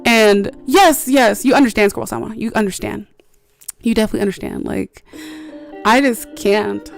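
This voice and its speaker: A woman's voice: on the high side, normal speed, gravelly, soft background music. A woman streamer chatting casually while playing a game, rambling through stories with lots of filler words, swearing freely and laughing often.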